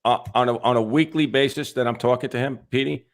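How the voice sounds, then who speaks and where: A man's voice: mid-range voice, steady tone, quick pace. A man, a podcast co-host, teasing and cracking wise in casual chat. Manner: teasing wisecracks.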